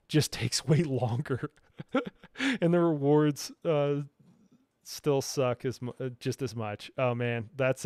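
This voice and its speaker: A man's voice: mid-range voice, clear, resonant tone, no echo, clean studio sound. A man hosting a live stream, chatting casually about a game in a rambling way, full of fillers and frequent chuckles. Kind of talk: casual gaming reaction chat.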